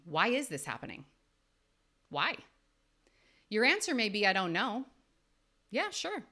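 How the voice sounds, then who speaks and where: A woman podcast host and life coach giving an earnest, faith-based motivational talk, with emphatic rises in pitch. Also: bright, forceful tone.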